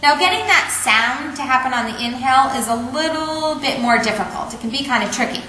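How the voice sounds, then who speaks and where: A woman teaching a yoga breathing technique in a calm, patient way, often checking in with "okay?". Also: high voice, fairly quick, slight background noise. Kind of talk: instructional explanation. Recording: echoey room, faint ambience.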